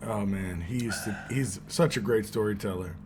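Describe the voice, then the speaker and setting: A man's voice: on the low side, moderate pace, background noise. A man co-hosting a casual podcast, telling jokes in a rambling way with lots of fillers. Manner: rambling joke-teller, trails off with fillers. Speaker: co-host.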